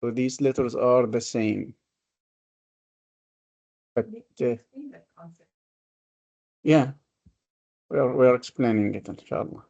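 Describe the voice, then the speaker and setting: A man's voice: medium pitch, steady tone, takes it slowly, vocal fry, pauses often, dark tone, highs cut off. A man teaching a classroom lesson on Quranic reading. He talks patiently, explains step by step and repeats his examples. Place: classroom with a board.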